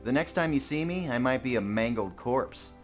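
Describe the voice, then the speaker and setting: A man's voice: medium pitch, expressive, normal speed, natural voice. An actor playing a wry, stubborn male jungle adventurer in a video game, dry and sardonic. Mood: grim. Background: game music.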